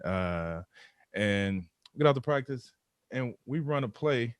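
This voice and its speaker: A former pro football player, appearing as a podcast guest, tells a story in a casual conversational interview, often repeating words as he builds the tale. His medium-pitched voice is expressive and measured, recorded dry.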